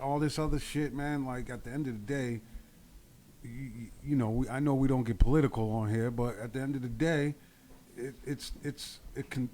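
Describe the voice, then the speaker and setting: A man's voice: medium pitch, fairly even intonation, normal speed, dark tone. A man in casual chat with friends, speaking his mind and often adding "you know what I mean" as he restarts his words.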